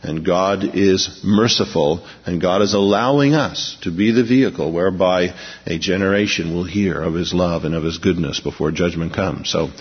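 In a large church auditorium, a man with a deep, husky voice delivers a sermon at a moderate pace, bringing the scripture to life with emphatic drama. He's the pastor, addressing a big congregation, and the hall sounds dull and echoey on the recording.

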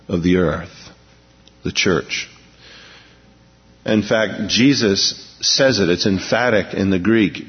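A man's voice: deep voice, breathy edge. A man preaching a sermon to a large congregation, speaking emphatically and dramatizing the scripture he reads. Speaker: pastor. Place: large church auditorium. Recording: dull, echoey recording of a big church hall.

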